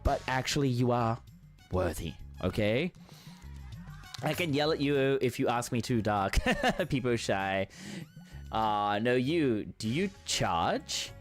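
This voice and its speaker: A man's voice: mid-range voice, animated, slow, faint music behind. Chatty, encouraging male game streamer. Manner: friendly, encouraging, rambling with many fillers. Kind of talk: casual live-stream chat while playing.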